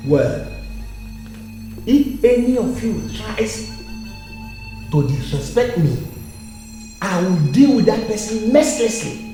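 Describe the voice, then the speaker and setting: An actor with a Nigerian accent playing a domineering eldest brother who barks orders in a Nollywood drama. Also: male voice, high voice, big pitch swings, slow pace, pauses often, mellow, very echoey, soft background music, heavily acted. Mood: threatening. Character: domineering elder brother, family head. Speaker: oldest family member. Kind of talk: Nollywood film acting.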